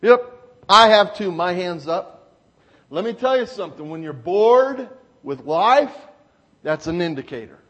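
Man giving a sermon, really high voice, slow and emphatic, repeats himself, goes loud then quiet. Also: expressive. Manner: emphatic preaching with repeated phrases; swings from loud exclamations to hushed, low asides. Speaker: preacher.

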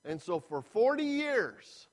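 A man preaching a sermon as a retold story, with dramatic, drawn-out emphasis. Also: high voice, very animated.

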